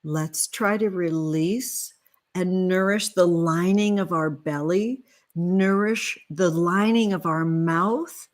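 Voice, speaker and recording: A woman's voice: on the low side, takes it slowly. Female tarot reader and livestream host, chatty and affectionate with her viewers. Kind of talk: casual livestream tarot reading.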